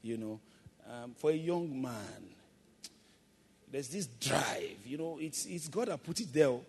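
A man's voice: mid-range voice, animated, slow, vocal fry, in a large hall, slight background noise. A male pastor preaching a sermon, calling for amens and acting out playful asides. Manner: preaching with call-and-response and playful acted asides.

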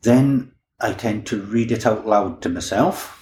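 A man's voice: lowish voice, unhurried, darkish tone, slight background noise. A man, a crime novelist, chatting easily in a podcast interview and often restarting his words. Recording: roomy echo, faint background ambience.

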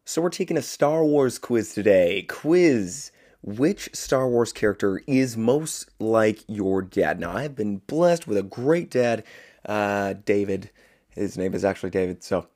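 Chatty young man, low-pitched voice. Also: dark tone. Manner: chatty, rambling, self-amused with frequent fillers. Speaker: podcast host. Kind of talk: casual solo podcast chat.

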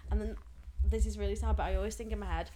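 A woman's voice: medium pitch, fairly even intonation, rapid-fire, mellow, slight background noise. A young woman, co-hosting a casual podcast chat. She laughs often and acts out other people's lines as she tells stories. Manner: giggly, storytelling, acts out quotes. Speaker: podcast co-host.

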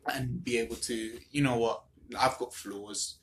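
A man's voice: mid-range voice, fairly even intonation, a little slow, echoey room, slight background noise. A young man chatting casually with a friend, blunt and joking as he gives his opinions. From India. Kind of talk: casual chat between friends.

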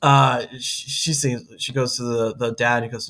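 A man's voice: mid-range voice, little pitch movement, moderate pace, hardly any pauses, fairly bright tone. Male podcast co-host, casual and rambling, plain mid-range voice. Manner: rambling, many restarts and acted-out quotes. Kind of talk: casual chat.

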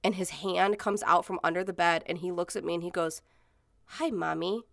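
A woman's voice: fairly low pitch, steady tone, brisk, a bit bright, dry recording, clean studio sound. A woman in her thirties telling stories in casual chat, rambling with many fillers and swearing freely. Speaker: podcast co-host.

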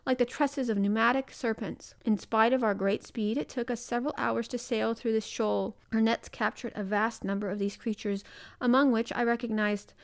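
A woman's voice: on the high side, fairly even intonation. Woman reading a classic novel aloud. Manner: measured, careful reading with small slips. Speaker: reader.

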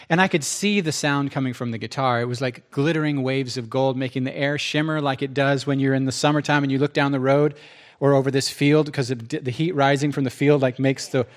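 A middle-aged man preaching, telling his testimony in an animated, self-interrupting way and acting out quotes. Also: medium pitch. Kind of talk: testimony storytelling.

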